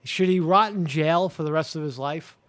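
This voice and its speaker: A man's voice: a little high, moderate pace, a bit bright. A man hosting a live commentary show, talking casually with many fillers, restarts and crude language. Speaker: show host.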